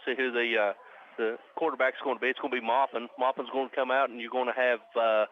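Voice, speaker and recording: A man calling a high school football game live on the radio as the play-by-play announcer, speeding up and rising on big plays. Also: little pitch movement, fast talker. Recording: muffled radio broadcast with faint noise.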